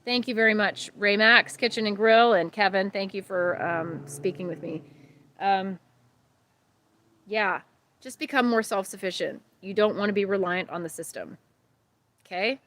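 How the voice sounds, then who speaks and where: Lady in her 30s rambling to her livestream, soft-hearted and chatty. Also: medium pitch, moderate pace. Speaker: homesteading channel host. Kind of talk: casual livestream chat. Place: outdoors at night by a grill.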